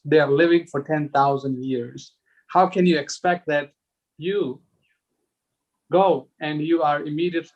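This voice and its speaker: Discussion leader, male, a touch high-pitched, reads texts aloud in an unhurried, chuckling way. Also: dull audio. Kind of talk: reading aloud and group discussion.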